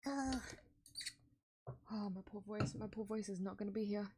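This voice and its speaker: A woman's voice: mid-range voice, normal speed, warm tone, husky. A young woman streamer chatting casually to viewers while playing a game, giggly and self-deprecating.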